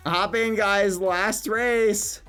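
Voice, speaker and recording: A man streaming a game live, cheering players by name and shrieking high when the game turns. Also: steady tone, extremely slow, over music. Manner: talks to chat and players by name.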